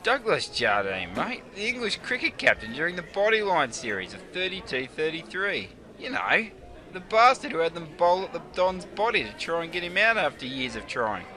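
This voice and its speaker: A man's voice: fairly high pitch, big pitch swings, normal speed, sharp tone. A man with a broad Australian accent bantering with the host, asking cheeky questions. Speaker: sidekick.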